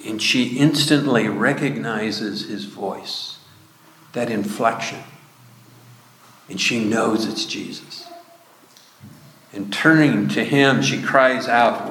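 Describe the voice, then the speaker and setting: A man preaching a sermon, slowly retelling a scripture passage. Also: lowish voice, a bit bright. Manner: slow, measured retelling of scripture with quoted speech. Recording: echoey hall with long reverb.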